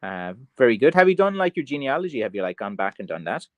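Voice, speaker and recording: A man's voice: medium pitch, very animated, quick pace, no echo. A man with an Irish accent hosting a livestream, chatting casually with viewers in a rambling way full of fillers and restarts. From Ireland. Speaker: craft seller hosting a livestream. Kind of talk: casual livestream chat, reading viewer comments.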